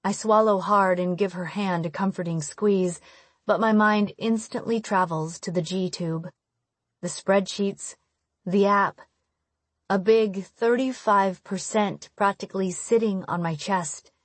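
A woman reading a first-person audiobook in a steady, intimate storytelling manner on a close microphone. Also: mid-range voice, no echo. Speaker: audiobook narrator. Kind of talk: first-person scripted narration.

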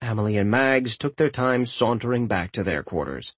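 A man narrating a fantasy audiobook with lively, expressive storytelling. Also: medium pitch, normal speed, dry recording. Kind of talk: scripted narration.

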